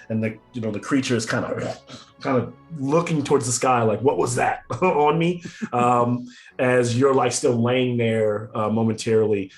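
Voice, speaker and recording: A man's voice: medium pitch, a little mellow. A man narrating a tabletop game as game master, rambling with many fillers and frequent chuckles.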